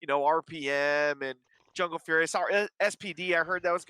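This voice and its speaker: A man's voice: a little high, a little fast, bright, forceful tone, clean tone, no echo. A man co-hosting a casual fan discussion, enthusiastic and acting out imagined conversations. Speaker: co-host.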